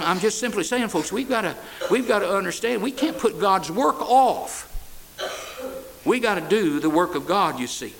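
Folksy preacher with gravelly voice. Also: male voice, high voice, fairly bright tone, rough recording. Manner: repetitive, folksy preaching with frequent "amen" and stammered restarts. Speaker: pastor. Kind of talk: sermon. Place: church.

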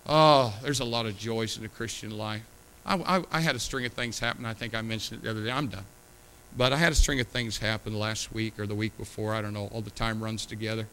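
Forceful, emotional middle-aged male preacher. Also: mid-range voice, fairly quick, a little hiss or hum, rough recording. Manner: emotional, emphatic, conversational preaching. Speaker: pastor. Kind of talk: sermon.

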